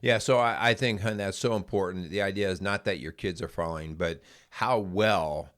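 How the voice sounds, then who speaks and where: A middle-aged man with a lowish voice talks casually on a podcast, winding through his story with fillers and restarts. He speaks the way a co-host chats with his partner. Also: moderate pace, fairly bright tone. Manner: rambling, with many fillers and restarts.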